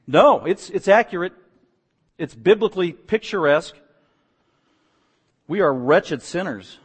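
A man preaching a sermon, moving from calm explanation to emphatic, rising outbursts on key words. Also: high voice, measured pace, long pauses, breathy edge. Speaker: pastor. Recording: long reverb from a large hall.

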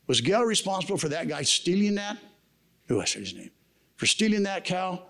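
A man's voice: high-pitched, very animated, moderate pace, fairly bright tone. A man giving a sermon at a men's camp, telling a personal story in a casual, slangy way. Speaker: camp speaker. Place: camp meeting room.

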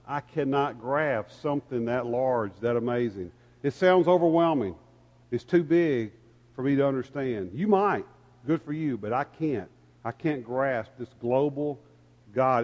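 A man's voice: medium pitch, dull audio. A man preaching a sermon to a congregation, speaking candidly and self-deprecatingly, piling up rhetorical questions. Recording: long hall reverb.

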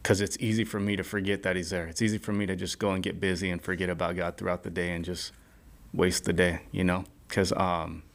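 This is a man with a lowish voice, a guest on a casual podcast. He speaks earnestly about his faith. He often pauses, restarts and fills the gaps with "um" and "like.". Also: little pitch movement, gravelly. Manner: earnest, halting, many fillers.

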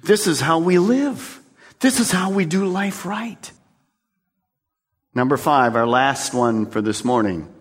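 A man preaching a sermon as pastor, animated, calling out to his congregation. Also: a little high, takes it slowly, long pauses, breathy edge, big-room sound. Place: church sanctuary.

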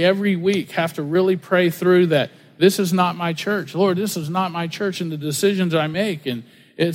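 A man preaching a sermon as pastor, talking in a relaxed, conversational way and acting out quotes as he tells stories. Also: fairly high pitch. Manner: conversational, storytelling with acted-out quotes. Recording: long hall reverb.

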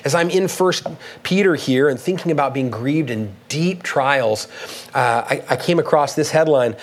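A man preaching a sermon, earnest and halting, with many restarts, reading quoted passages with rising emphasis. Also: medium pitch, expressive, low-quality recording. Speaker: pastor.

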